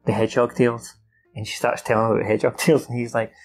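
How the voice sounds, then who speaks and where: A man's voice: mid-range voice, little pitch movement, quick pace, creaky, soft background music. A man recalling a film from memory in a loose, rambling way, with many fillers, restarts and some swearing. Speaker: film recap host. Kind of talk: casual off-the-cuff recap.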